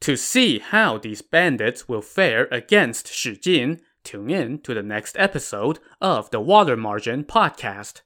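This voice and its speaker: Man narrating a story podcast, lively pitch, bright voice. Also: unhurried, hardly any pauses. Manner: animated, playful storytelling. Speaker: podcast host.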